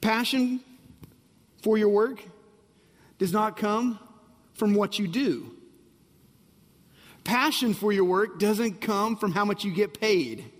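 A high-pitched pastor takes his time, pausing often, while a long reverb tail lingers. He preaches with emphasis, repeating phrases and asking the congregation again and again if they're ready.

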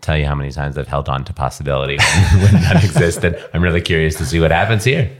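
A man's voice: a bass voice, fairly even intonation, fast. A man chiming in casually on a podcast with wry, amused remarks. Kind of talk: casual chat.

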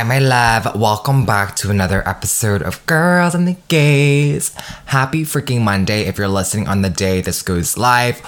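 A man's voice: on the low side, fairly bright tone. Young male podcast host from the States, bubbly and slangy, swears a lot and goes off on tangents. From United States. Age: 20s. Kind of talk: casual solo podcast monologue.

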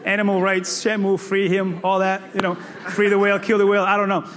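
Man, from Cape Verde, preacher, comic storytelling, playful exclamations, high voice, hall echo. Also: a little fast, crowd noise. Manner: animated, playful, breaks into shouts and laughter. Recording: echoey hall reverb.

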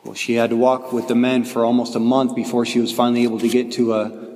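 A man, a priest, telling a story in his homily with an earnest tone and slow, emphatic phrasing. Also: medium pitch, little pitch movement, darkish tone, in a large hall, a little hiss or hum.

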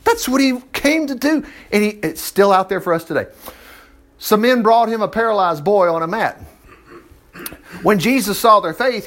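A man's voice: high-pitched, fairly bright tone. A man giving a casual, folksy Bible teaching, chuckling and acting out the people in the story as he reads. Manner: folksy, chuckling, acts out quoted voices. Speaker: preacher.

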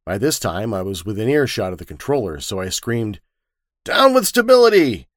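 Lively wisecracking male storyteller. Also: lowish voice, brisk, dry recording, clean studio sound. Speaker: narrator. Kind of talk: dramatic first-person story reading.

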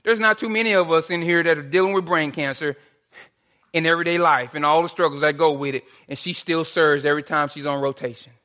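Male pastor, sermon delivery, high-pitched and bright-toned, earnest and repetitive. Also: fast talker. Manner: earnest preaching, rhetorical questions and repetition.

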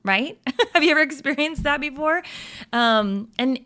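A woman's voice: high voice, animated, a little slow, bright, forceful tone. A woman in her thirties giving a casual devotional encouragement talk, upbeat and chatty, often checking in with her listeners and laughing easily. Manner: laughs easily, trails into asides. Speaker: Christian women's encouragement host.

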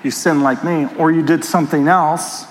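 A pastor delivering a sermon with an animated personal story, talking straight to his congregation. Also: fairly high pitch, normal speed, long reverb tail, slight background noise, rough recording.

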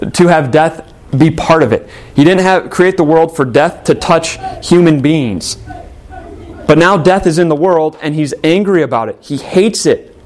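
A man's voice: a little high, darkish tone. Earnest male pastor preaching a sermon. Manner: earnest preaching, reads scripture aloud, rhetorical questions.

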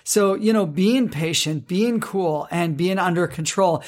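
A man co-hosting a faith-based marriage podcast with his wife, talking earnestly and reading scripture slowly. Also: high-pitched. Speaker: podcast co-host.

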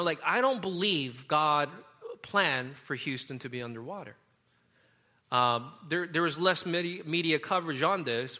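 Preacher, male, high voice, loose conversational sermon full of "uh"s and restarts. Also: bright, forceful tone. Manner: casual, rambling, frequent fillers and self-corrections.

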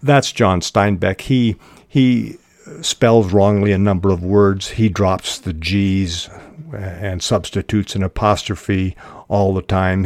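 A man hosting a podcast on fiction writing, reading passages aloud and explaining them in a measured way with frequent pauses and fillers. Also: low-pitched, a little mellow, no room sound.

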